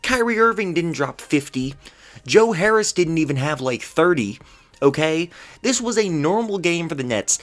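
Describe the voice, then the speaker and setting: A man delivers a solo basketball rant to camera with an incredulous, exasperated edge. His pitch swings widely as he fires off rhetorical questions. He sometimes trips over his words when he gets worked up. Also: lively intonation, moderate pace, a bit bright. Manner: stammers when flustered. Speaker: basketball commentary vlogger.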